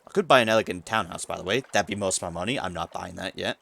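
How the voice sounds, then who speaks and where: A man's voice: low-pitched, rapid-fire, vocal fry, pushed and bright, a little hiss or hum. A man streaming a video game, musing aloud about his choices and reading the game's text to himself in a casual way. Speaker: let's play streamer.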